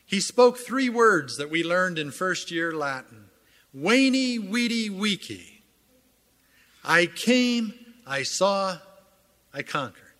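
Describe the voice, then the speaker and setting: A man preaching a sermon as pastor, earnest, with dramatic pauses and rising swells. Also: on the high side, pushed and bright, big-room sound.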